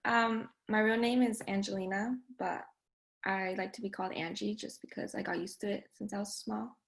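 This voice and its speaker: A young woman introducing herself on a video call, soft-spoken and saying like often. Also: medium pitch, fairly even intonation, moderate pace, creaky. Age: young adult. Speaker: incoming student.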